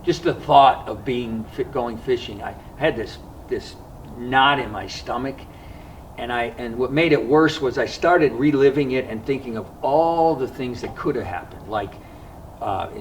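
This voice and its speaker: A man's voice: mid-range voice, a little hiss or hum. Man telling a story from a distance. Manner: earnest, reflective, often pausing to regather his thoughts. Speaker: fishing vlogger. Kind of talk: personal storytelling to camera.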